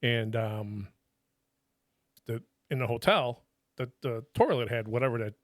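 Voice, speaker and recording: A man's voice: medium pitch, unhurried, no room sound, studio quality. A man in his fifties, a podcast guest, telling stories in a colloquial, profane way with frequent restarts and laughs. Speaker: podcast guest, retired federal drug agent. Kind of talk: casual storytelling chat.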